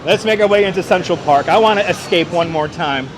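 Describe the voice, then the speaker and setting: A chatty man with a New York accent leads a live walking tour, greeting his viewers by name in a fairly high voice. He is recorded outdoors on a wireless clip-on mic, with faint street traffic humming behind him. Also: brisk. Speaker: livestream walking-tour host. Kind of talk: casual live-stream chat with viewers. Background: faint city traffic.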